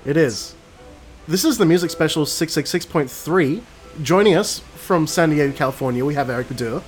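A man's voice: a little high, lively intonation, a little fast, faint music behind. An Australian man hosting a casual podcast, joking and swearing with friends. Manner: joking, profane, banter. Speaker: podcast host.

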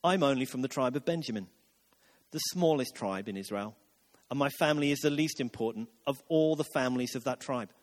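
A man's voice: medium pitch, fairly quick, pitched below the performer's own voice, close to an everyday voice. A man voicing a self-pitying young man who mutters in a deflated, mopey way.

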